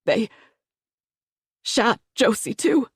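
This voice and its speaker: A woman reading the part of a grief-stricken older grandfather who speaks in a shaky, tearful, halting voice. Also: very high voice, expressive, husky, no room sound, studio quality, pitched above the performer's own voice, exaggerated voice. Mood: shaken, tearful.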